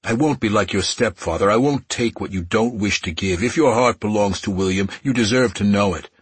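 A man voicing an intense, possessive immortal male warrior who pleads insistently, in a husky voice. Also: on the low side, a little fast, no echo.

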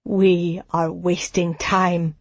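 A woman narrating voices a grief-stricken villager, his words strained and zealous. The delivery stays slow and measured in a dry, close recording. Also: fairly low pitch, level tone, no room sound, heavily acted. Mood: grim. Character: grieving, fanatical village man, loud and strained.

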